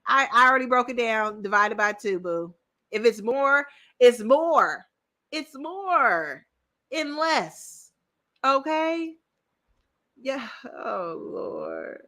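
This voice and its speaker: A woman's voice: on the high side, lively intonation, slow pace, pauses often, sharp tone. A woman hosting a reaction commentary, talking bluntly and directly with lots of profanity. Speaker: commentary host. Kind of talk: reaction commentary on a panel clip.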